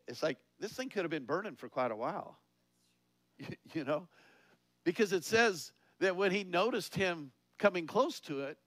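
Preaching a conversational sermon, a man laughs often and asks his listeners questions, his pitch and volume climbing on key points. His tone is fairly bright, and there is no echo.

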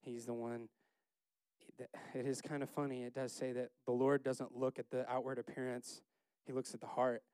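A man's voice: medium pitch, completely flat delivery, normal speed, darkish tone, clear, resonant tone, no room sound. Chatty man leading a Bible study. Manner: chatty, laughing, acts out characters in quotes. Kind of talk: casual Bible study talk.

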